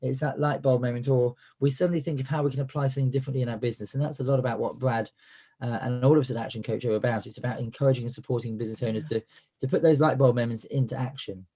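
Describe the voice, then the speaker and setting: A man's voice: medium pitch, steady tone, racing, dark tone, breathy edge. A man with a cold and a cough, hosting a business coaching webinar in a chatty style full of fillers and restarts. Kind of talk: live webinar presentation.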